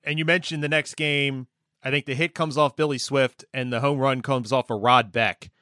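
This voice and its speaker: Male interviewer, bright higher voice, dry close sound, keen on details. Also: steady tone, normal speed, clean tone, no room sound. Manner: recalls details eagerly, rambling questions. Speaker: podcast host. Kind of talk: interview questions.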